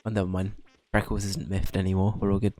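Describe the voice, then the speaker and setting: Low-voiced male streamer. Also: little pitch movement, darkish tone. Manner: joking, self-deprecating, quick asides. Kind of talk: casual gaming commentary.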